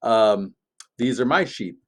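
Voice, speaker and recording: A devoted shepherd who dotes on his flock and shoos off danger, as a man acts him out. He speaks earnestly, in a lowish, steady voice, and takes his time over each phrase. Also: slow pace. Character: caring, protective male shepherd.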